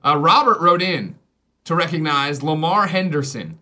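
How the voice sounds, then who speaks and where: A man hosting a casual chat show, reading a listener's shout-out in a playful announcer style. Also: a little high, sing-song, moderate pace. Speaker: host.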